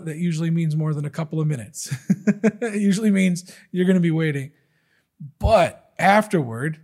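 Male pastor preaching, chatty and emphatic, gravelly voice, a bit high. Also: darkish tone. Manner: conversational, emphatic Bible teaching. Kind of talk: sermon.

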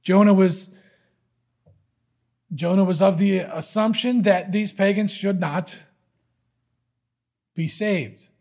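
A man's voice: high voice, slow, pauses often, darkish tone. A man preaching a sermon in an earnest, emphatic way, repeating key words for weight.

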